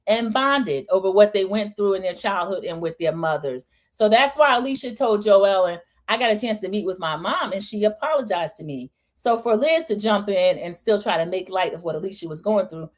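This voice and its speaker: A middle-aged woman hosting a livestream recap, casually chatting and acting out what the cast said. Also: mid-range voice. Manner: animated retelling, acting out quoted lines. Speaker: host of a reality show recap livestream. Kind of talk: casual chat.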